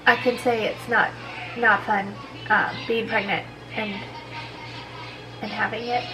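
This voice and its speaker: A woman's voice: medium pitch, little pitch movement, slow, over music, rough recording. A sick woman with a congested voice, chatting casually and rambling through a home vlog. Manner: tired, rambling, many likes and restarts. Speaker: vlogger.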